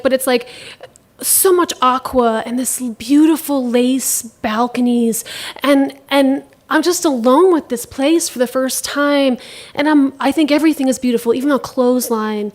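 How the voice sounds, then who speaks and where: A woman telling a first-person story on a theater stage into a microphone, wry and laughing at herself. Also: high voice.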